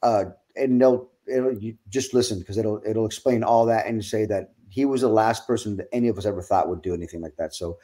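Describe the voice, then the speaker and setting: Middle-aged male guest, lively storyteller who swears and laughs, streaming mic. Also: lowish voice, fairly quick, hardly any pauses. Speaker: wrestling guest. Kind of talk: casual storytelling.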